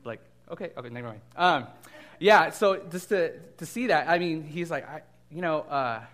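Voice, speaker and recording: A man preaching a casual, animated sermon as a guest pastor, with frequent fillers and restarts. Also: fairly high pitch, normal speed.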